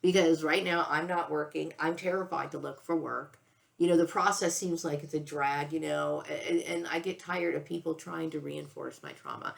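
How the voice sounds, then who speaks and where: Low gravelly older woman, near tears. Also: fairly even intonation, normal speed. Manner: rambling, many restarts, frequent "okay?" and "you know". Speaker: vlogger. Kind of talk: emotional personal monologue.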